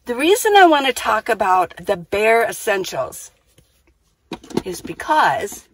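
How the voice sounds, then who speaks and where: Husky and mid-range, her voice swings widely in pitch as she speaks slowly with no room sound. She's vlogging casually to camera about full-time minivan life, first outdoors and then inside the van, repeating herself and thinking aloud.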